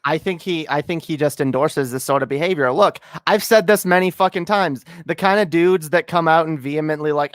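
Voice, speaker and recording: A man's voice: a little high, fairly quick, hardly any pauses, dry recording, clean studio sound. A man co-hosting a podcast, talking emphatically and profanely with stammering restarts. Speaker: podcast co-host. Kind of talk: casual chat.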